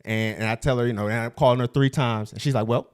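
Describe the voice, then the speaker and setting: A man's voice: medium pitch, quick pace, clean tone. Laid-back man telling a story. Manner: animated storyteller, laughs loudly, voice jumps up when indignant. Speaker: podcast co-host. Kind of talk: casual storytelling chat.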